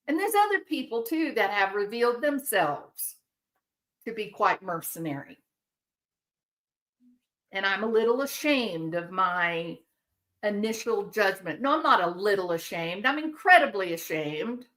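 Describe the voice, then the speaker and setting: Woman commentary host, mid-pitched voice, indignant, emphatic delivery with rhetorical asides. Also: big pitch swings, unhurried, a bit bright. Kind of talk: opinionated commentary.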